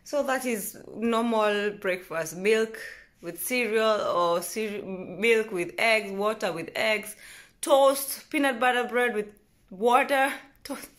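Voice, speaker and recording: A woman's voice: a little high, slow pace. Rambling woman vlogging from home. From Kenya. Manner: rambling, self-correcting, often trailing off softly. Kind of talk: casual vlog chat to camera. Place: at home indoors.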